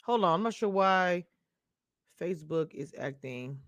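A woman's voice: lowish voice, animated, measured pace, no echo, clean studio sound. A woman hosting a casual live stream, chatting straight to her viewers and laughing often as she talks. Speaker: live-stream show reviewer.

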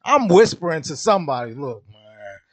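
A man voicing the biblical leader Joshua as a disbelieving, exasperated man with high-pitched outbursts in a comedic retelling. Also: very animated, moderate pace. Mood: incredulous. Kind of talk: comedic retelling in a podcast monologue.

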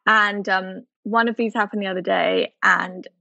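A woman's voice: medium pitch, steady tone, normal speed, vocal fry, pushed and bright, no echo, muffled recording. A woman, a podcast guest telling stories in a chatty, self-deprecating, rambling way. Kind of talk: casual conversational storytelling.

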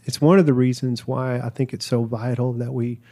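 A man in a relaxed conversation, talking in a thoughtful, earnest way, often pausing and restarting sentences. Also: mid-range voice. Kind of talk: reflective casual conversation.

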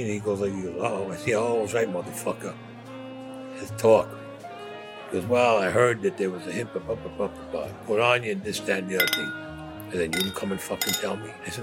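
A man's voice: on the low side, fairly quick, music in the background. A man telling a blunt, profane story as an interviewee, acting out the dialogue as he goes. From New York. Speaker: former mobster interviewee.

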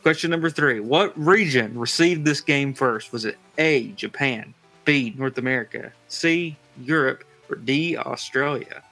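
Bright-voiced man hosting a quiz. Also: mid-range voice, unhurried, faint music behind, rough recording. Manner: reads multiple-choice options, laughs easily. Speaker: quiz host. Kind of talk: casual podcast chat.

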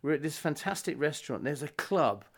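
An older man and musician guest, telling lively anecdotes in casual chat. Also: fairly high pitch, fairly quick, gravelly. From England. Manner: lively storyteller, chuckles often.

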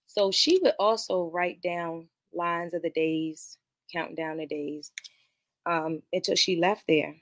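With a lowish, slightly bright voice and no room sound, a woman hosts a podcast reviewing a movie. She rambles and curses through a casual plot recap, speaking directly to viewers and confessing nerves about streaming live.

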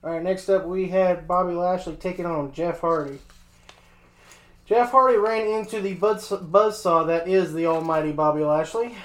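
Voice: medium pitch, moderate pace, roomy sound, rough recording. A podcast host reading match recaps from a script and then asking a co-host for his thoughts.

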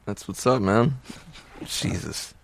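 A man's voice: lowish voice, slow, vocal fry. A man who is a comedian guest, telling swear-filled stories on a casual podcast and acting out the voices of the people in them. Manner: animated, swears a lot, acts out voices in stories.

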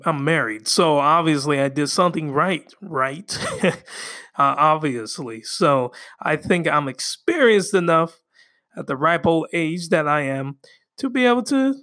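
A man's voice: a little high, fairly bright tone. A man hosting his own podcast in casual solo chat, rambling with lots of fillers and laughing at his own jokes. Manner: rambling, filler-heavy, self-amused. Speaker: podcast host.

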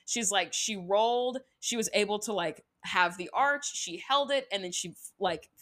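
A woman's voice: medium pitch, moderate pace, a bit bright. A young woman hosting a podcast, recapping an episode in casual, chatty talk with sarcastic asides and lots of "like". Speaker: podcast host.

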